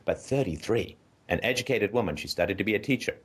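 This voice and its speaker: A man's voice: fairly low pitch, animated, quick pace, slightly rough. Blunt, lecturing male call-in host. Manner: emphatic and lecturing, blunt and profane, keeps asking "right?". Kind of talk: call-in advice monologue.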